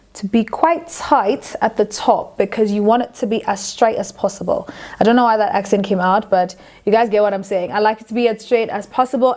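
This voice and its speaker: A woman's voice: a little high, a little mellow. A young woman hosting a hair tutorial, talking casually and directly to her viewers. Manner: chatty, talks straight to viewers as "guys".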